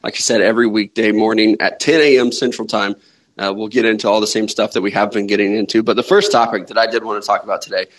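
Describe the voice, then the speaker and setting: A man's voice: fairly low pitch, steady tone, quick pace, low-quality recording. A man hosting a sports podcast, chatting casually and joking around with his co-host. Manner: joking, rambling banter.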